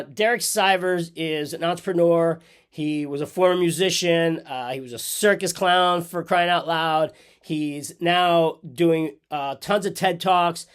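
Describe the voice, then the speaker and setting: A man's voice: on the high side, smooth. A man hosting a casual vlog from his home office, with a nasal, congested voice from a cold and an upbeat, rambling way of talking. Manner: upbeat, rambling with fillers and restarts. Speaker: host. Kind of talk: casual vlog talk to camera.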